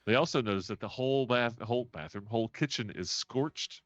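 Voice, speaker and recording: A man's voice: medium pitch, fairly quick, a bit bright, dry recording. A man narrating a tabletop game as game master, laughing often as he describes the scene. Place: home, streamed live. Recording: dull lo-fi stream audio.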